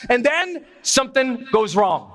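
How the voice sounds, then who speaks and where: High-voiced animated male stage storyteller. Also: a little slow, very noisy. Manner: animated, bursts into loud exclamations. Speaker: stage speaker. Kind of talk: comic storytelling talk to an audience.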